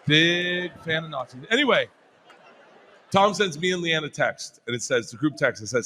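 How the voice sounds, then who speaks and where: A male comedian telling a story on stage, laughing through it and building to shouts. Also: a little high, lively intonation, normal speed. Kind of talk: stand-up storytelling.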